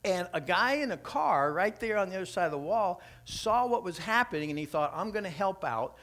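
A man preaching through an animated, conversational story. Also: sits high, brisk. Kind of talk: sermon storytelling.

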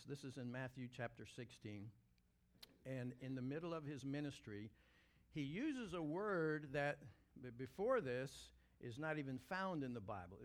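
A middle-aged man preaching a sermon as senior pastor, talking conversationally and building to emphatic peaks. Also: medium pitch.

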